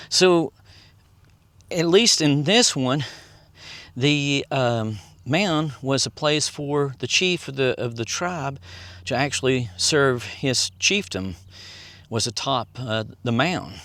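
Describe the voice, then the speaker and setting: A man's voice: medium pitch, lively intonation, slow pace, fairly bright tone, dry recording. A man giving casual, rambling touring commentary outdoors and reading signs aloud as he goes. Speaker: vlogger and tour guide. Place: outdoors at a historic site on a hot day.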